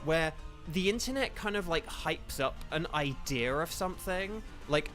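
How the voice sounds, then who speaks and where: This voice actor's live stream finds him chatting casually with viewers mid-game, rambling, correcting himself and filling gaps with fillers as game music plays softly. His fairly high voice is expressive and fairly bright, at a moderate pace.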